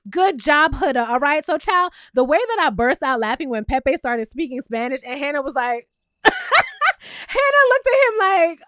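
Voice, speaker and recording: A woman recapping a reality show in casual, animated commentary, full of laughter and sassy asides. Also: sits high, moderate pace, no room sound.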